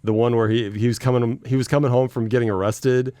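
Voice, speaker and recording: A man's voice: mid-range voice, steady tone, fast talker, dark tone, no echo, clean studio sound. A man hosting a casual chat show, running through the news with a chatty, laughing manner. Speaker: radio show host.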